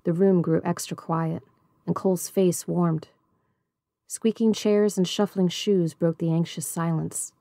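A woman reading a novel aloud in a measured, even storybook narration. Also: fairly low pitch, gravelly, no room sound, clean studio sound. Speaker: audiobook reader.

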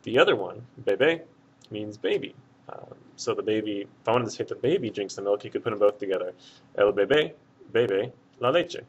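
A man talks through a language lesson in an easygoing, unscripted way, often pausing on filler words. His voice sits on the low side, and the recording sounds a little dull and lo-fi. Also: husky. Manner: relaxed, with many filler words. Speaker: Spanish teacher. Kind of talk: casual video lesson.

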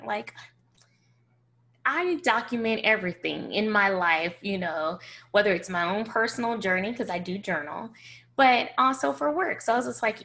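Gravelly-voiced woman telling her story. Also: medium pitch, moderate pace. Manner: animated, acts out dialogue. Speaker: host. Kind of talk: personal storytelling vlog.

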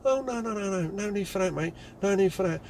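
A man's voice: high voice, darkish tone, slight background noise, pitched above the performer's own voice. A man voicing a rival window cleaner on the phone who blusters and rambles. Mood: backpedalling. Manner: blustering, rambling, quick to back down.

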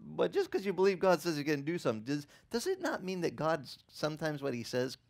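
A middle-aged male pastor delivers a sermon with lively, swinging pitch. He acts out the quotes and breaks into laughter as he tells the story. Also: quick pace, gravelly.

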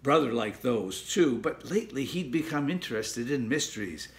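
A man reading a children's storybook aloud in a measured, gentle storytelling manner. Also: medium pitch, expressive. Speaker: storybook reader.

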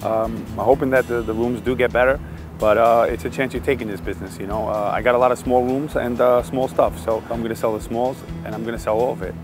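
A man's voice: medium pitch, steady tone, fast talker, music in the background. A man buying at storage auctions, talking brashly and swearing freely in a reality show. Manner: brash, profane trash talk. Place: storage auction and flea market.

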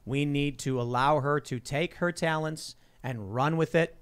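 A man's voice: on the high side, measured pace, smooth. A male host of a political talk show, joking wryly in casual panel chat.

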